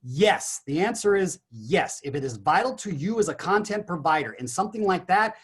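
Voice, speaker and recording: A man giving an energetic motivational talk as a guest on a business call, animated and emphatic. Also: high voice, normal speed, husky. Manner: animated, emphatic, punchy exclamations.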